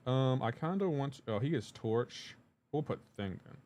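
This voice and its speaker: A man's voice: medium pitch, animated, moderate pace, a little mellow. A man live streaming a game, talking loosely with his chat and greeting viewers by name. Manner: talks to chat viewers while playing, loose and chatty. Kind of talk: casual live-stream chat reading comments.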